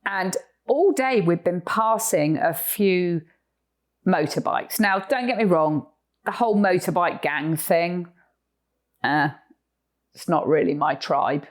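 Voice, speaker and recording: A middle-aged woman with an English accent, co-hosting a podcast and telling stories in an animated way, acting out the people in them. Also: on the low side, slow, pauses often. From England. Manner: animated, acts out voices of people in her stories. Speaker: podcast co-host. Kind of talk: storytelling chat.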